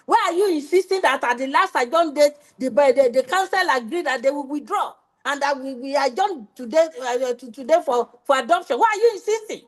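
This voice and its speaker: Woman judge, high voice, stern, scolding counsel in court. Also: lively intonation, fairly quick, few pauses. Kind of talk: courtroom proceedings.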